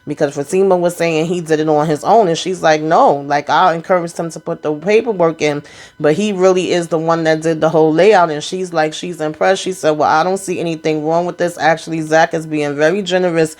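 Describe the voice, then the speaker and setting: A woman with a somewhat low voice talks through a TV episode recap in a loose, conversational way. She quotes the characters' lines as she retells each scene and drops in amused asides and exclamations as she goes. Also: fairly even intonation, a little fast, darkish tone. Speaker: TV recap host.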